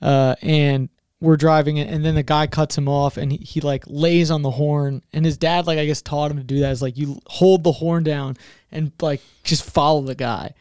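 Man telling animated stories. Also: fairly high pitch, moderate pace, clean tone, no echo, clean studio sound. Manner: animated storyteller, acts out quotes. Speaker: podcast co-host. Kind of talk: casual chat.

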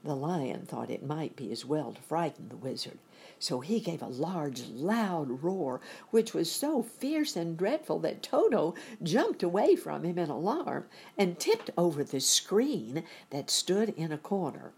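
A woman narrating a children's story in a measured, expressive audiobook reading. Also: deep voice, gravelly, slightly rough.

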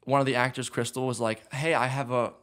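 A young man talking casually about a film project he worked on. His voice sits at an ordinary middle pitch, and he rambles from one thought to the next, leaning on "like" again and again. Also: flat delivery, fairly quick, a bit bright. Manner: rambling, lots of "like" and "long story short". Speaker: filmmaker guest. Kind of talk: casual chat.

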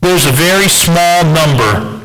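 Bright-voiced preacher asking the church questions. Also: male voice, fairly high pitch, unhurried, low-quality recording. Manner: preacher who asks the church questions and swings from loud to soft. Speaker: pastor. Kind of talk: sermon.

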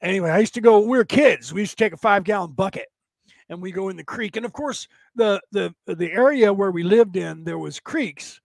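A man's voice: high-pitched, brisk, vocal fry, dry recording. A man from California chatting casually to viewers in a folksy, rambling way, often tagging his sentences with "right?". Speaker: livestream host reading chat.

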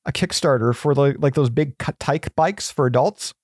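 A man's voice: mid-range voice, normal speed, darkish tone, breathy edge, dry recording, clean studio sound. A man chatting casually as a podcast guest, rambling with many fillers and restarts. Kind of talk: casual chat.

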